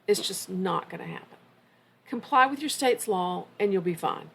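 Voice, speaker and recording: A woman's voice: medium pitch, animated, normal speed, creaky, slight background noise. A middle-aged woman co-hosting a podcast, telling stories in a casual, anecdotal way. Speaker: podcast co-host. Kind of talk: casual conversation.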